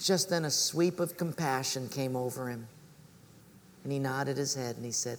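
A male preacher telling a story in a sermon, animated and acting out voices. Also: medium pitch, moderate pace, slight background noise. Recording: reverberant hall.

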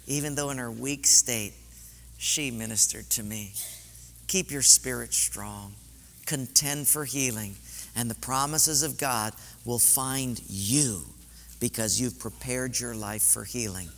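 A man's voice: medium pitch, slow pace, a bit bright, a little hiss or hum. A man preaching a sermon in a church sanctuary, telling stories in an earnest, heartfelt way. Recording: long hall reverb.

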